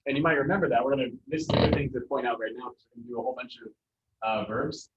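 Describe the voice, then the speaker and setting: Talking very fast in a mid-range voice, this man explains Spanish pronunciation casually to a class, leaning on fillers. The recording sounds distant, dull, and echoey, as in a classroom.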